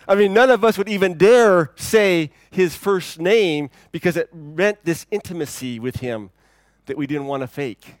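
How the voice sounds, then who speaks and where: A pastor preaching in a conversational, dynamic way, swinging from loud, emphatic lines to hushed ones. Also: male voice, high voice, animated, normal speed, dry recording, clean studio sound. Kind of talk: sermon.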